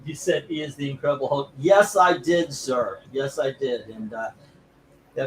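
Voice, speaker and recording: A man's voice: medium pitch, moderate pace, a little hiss or hum, rough recording. A man hosting a live comic book auction stream, chatting casually and rambling with jokes, feeling sick from food poisoning. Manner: rambling, jokey, laughs easily.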